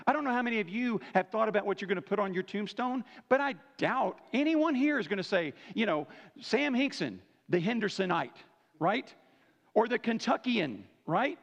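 A pastor delivers a conversational sermon in his church sanctuary, his high, slightly bright voice creaky, animated and a little fast. He often tags his points with "right?" to check on listeners, heard through dull lo-fi church-hall audio.

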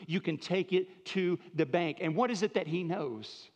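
A male pastor preaches in a conversational, emphatic way, dropping to near-quiet phrases and then lifting his voice again. His voice sits a little high for a man. The sound rings with the long reverb of a large hall. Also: moderate pace. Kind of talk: sermon.

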